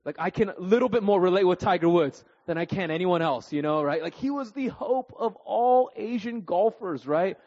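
A man in his thirties preaching through personal stories, animated and self-deprecating, tagging his sentences with "right?" and "okay?". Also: sits high, normal speed, hardly any pauses. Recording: dull recording with long hall reverb.

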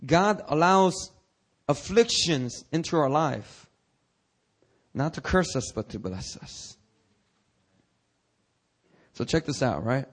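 A man's voice: a little high, expressive, takes it slowly, long pauses, slightly rough. A male pastor preaching a sermon, talking candidly with his congregation and breaking into dramatic, rising cries. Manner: conversational, candid asides to the congregation.

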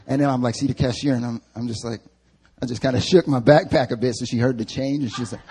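A young male preacher delivers a sermon, swinging from loose, slang-heavy storytelling into rising, emphatic bursts. His voice sits a little high and carries a husky grain. He speaks to a church congregation. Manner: animated casual storytelling with slang. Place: church service.

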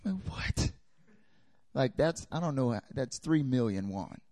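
A young adult man preaching a sermon, telling a personal story with lively, animated delivery and acting out the dialogue. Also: mid-range voice, measured pace, no echo, clean studio sound. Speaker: pastor.

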